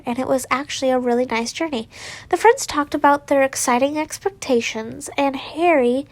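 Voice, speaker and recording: A woman's voice: high-pitched, no room sound, poor audio. A woman reading fan fiction aloud, often stumbling and correcting herself, with sighs and small asides.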